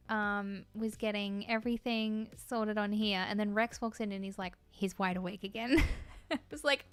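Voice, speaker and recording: High-voiced, bubbly woman streamer who giggles often and sounds a little scattered while chatting with her viewers. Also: no echo. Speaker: live streamer. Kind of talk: casual live-stream chat.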